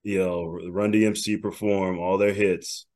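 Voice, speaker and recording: Upbeat low-voiced podcast host. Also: male voice, level tone, measured pace. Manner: upbeat, laughs easily, gives shout-outs. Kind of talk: casual podcast chat.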